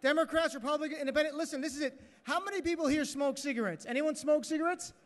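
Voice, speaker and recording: A man's voice: extremely high pitch, quick pace. A man doing a stand-up comedy routine as master of ceremonies, joking and acting out characters, in a large hotel ballroom. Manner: joking, animated, acts out characters. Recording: echoey hall.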